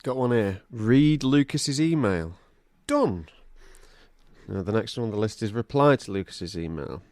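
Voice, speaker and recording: A man's voice: lowish voice, lively intonation, measured pace, a little mellow, no echo. A man co-hosting a podcast in casual, self-mocking chat, laughing often. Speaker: podcast co-host.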